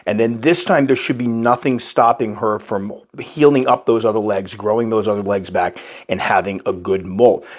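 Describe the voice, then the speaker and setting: A man with a slightly stuffy voice, calmly narrating a casual update about caring for his pet tarantula. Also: on the low side, normal speed. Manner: calm, explanatory, patient. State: stuffy, recovering from illness. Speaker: tarantula keeper and channel host.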